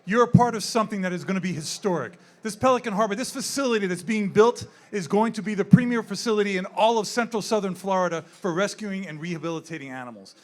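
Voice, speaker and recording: Speaking quickly with few pauses in a high-sitting voice, a sixty-something zoo animal worker holds a handheld mic at an indoor gala. His impromptu speech is rambling and frank, and he repeats himself.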